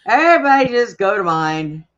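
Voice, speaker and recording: A woman's voice: medium pitch, very animated, moderate pace, fairly bright tone, lo-fi sound. A woman co-hosting a casual livestream talk show, chatty and teasing. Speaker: co-host of a daily news talk show.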